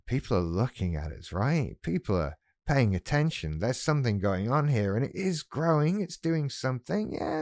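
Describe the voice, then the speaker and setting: A man's voice: fairly low pitch, a little mellow, no room sound, studio quality, natural voice. A man voicing a brash, attention-hungry inner voice that insists on staying in the public eye.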